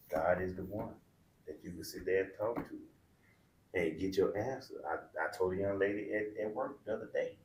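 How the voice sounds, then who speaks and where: A man's voice: lowish voice, a little mellow. A middle-aged man, a podcast guest, telling a heartfelt personal story in a candid, colloquial, emotional way. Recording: roomy echo.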